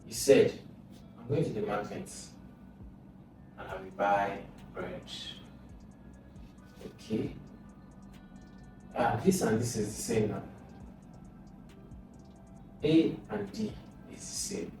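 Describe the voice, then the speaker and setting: A man's voice: fairly low pitch, animated, slow pace, pauses often, a little mellow. A man with a Nigerian English accent tutoring for an exam, thinking aloud and repeating sounds over and over. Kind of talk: informal exam lesson. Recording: echoey room, far from mic, music behind.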